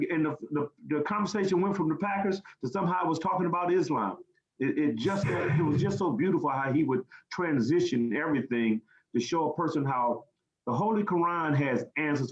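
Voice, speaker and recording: An American man giving earnest, plain-spoken interview answers, often repeating a word while he searches. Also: a little high. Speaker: guest speaker. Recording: roomy, dull lo-fi sound.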